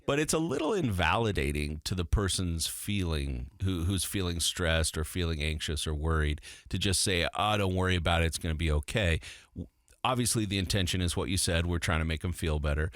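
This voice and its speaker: A man co-hosting a podcast who explains things calmly and with empathy in casual chat. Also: deep voice, a little fast, dry recording, clean studio sound. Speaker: podcast co-host.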